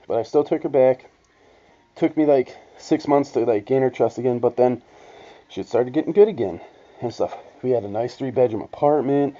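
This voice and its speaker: A young man tells his own story in a loose, rambling way, swearing freely and stumbling over restarts. His voice is very dark and mellow. The audio sounds dull and lo-fi. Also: medium pitch. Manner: profane, blunt, rambling with restarts. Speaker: vlogger. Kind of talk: casual storytelling monologue.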